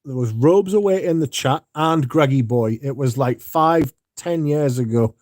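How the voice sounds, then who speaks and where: A man's voice: mid-range voice, measured pace, a little mellow, no room sound, studio quality. A man hosting a casual livestream, sleepy and yawning, rambling and swearing as he chats to his viewers. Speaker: livestream host.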